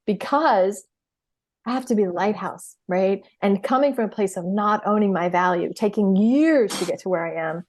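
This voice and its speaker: A middle-aged woman in a casual interview chat who tells her stories with lots of energy. She acts out her own past reactions and laughs often. Her voice sits at an ordinary pitch for a woman. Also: normal speed, a little mellow. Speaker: podcast guest, healer and coach.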